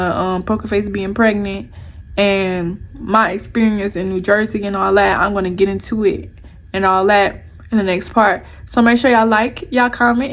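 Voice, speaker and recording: A young woman vlogger telling a personal story to her viewers in an animated, heated, profane way. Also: mid-range voice.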